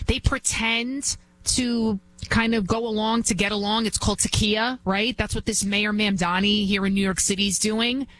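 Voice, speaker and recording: A woman's voice: mid-range voice, steady tone, normal speed, fairly bright tone, rough recording. A woman hosting an opinionated political monologue, emphatic and repetitive. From United States. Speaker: political commentary host.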